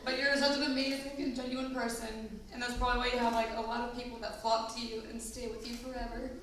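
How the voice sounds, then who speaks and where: A woman's voice: fairly high pitch, flat delivery, fast, background noise. A young woman giving a bridesmaid speech, tearful and giggly, filling her speech with "like.". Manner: tearful, giggly, many 'like' fillers. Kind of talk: emotional wedding speech. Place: wedding reception hall. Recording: echoey hall, distant mic.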